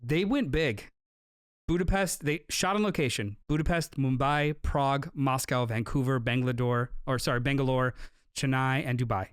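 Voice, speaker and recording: Smooth-voiced man hosting a chatty podcast. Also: mid-range voice, normal speed, dry recording, clean studio sound. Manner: jokey, rambling presenter of film trivia. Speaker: podcast host. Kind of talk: casual chat.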